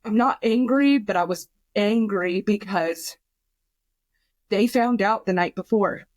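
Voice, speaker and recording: A woman's voice: medium pitch, takes it slowly, a little mellow, dry recording. A young woman on a podcast, telling an emotional personal story in a rambling way, full of fillers and swearing, quoting herself. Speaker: podcast guest.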